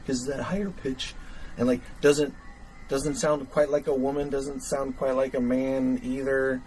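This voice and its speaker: Faint music plays behind a man hosting a livestream on poor audio. His mid-range voice is a little mellow and flat, and he speaks at a measured pace. He tinkers with gear and rambles casually, thinking aloud with many fillers and chuckling at himself.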